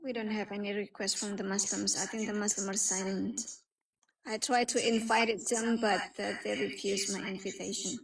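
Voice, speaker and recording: A woman's voice: mid-range voice, flat delivery, moderate pace, gravelly, husky, low-quality recording. A woman co-hosting a casual livestream chat in a matter-of-fact, agreeable way. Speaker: livestream co-host.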